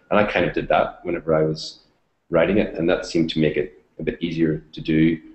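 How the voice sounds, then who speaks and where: Low-voiced hesitant man. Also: darkish tone. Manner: hesitant, many ums and restarts. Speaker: novelist and book reviewer. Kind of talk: interview over video call. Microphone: video call. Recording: roomy echoey video call.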